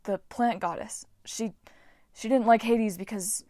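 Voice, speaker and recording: Nervous teenage boy demigod, voiced by a woman, stammering, pleading, polite, a bit higher, storybook. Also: unhurried, dark tone, no echo, clean studio sound, lightly acted.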